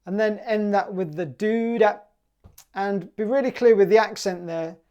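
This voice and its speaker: A man with a British accent teaching a clarinet piece in a relaxed, chatty way, sometimes singing the rhythms in syllables. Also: sits high, normal speed, dull audio. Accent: British English. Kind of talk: relaxed music tutorial.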